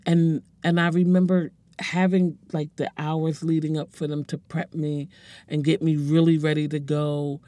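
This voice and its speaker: Speaker in their forties, heartfelt testimony, earnest, halting, emotional, mellow voice, dry close sound. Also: mid-range voice, no echo. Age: 40s. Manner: earnest, halting, repeats words while searching for them. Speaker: speaker sharing a personal story.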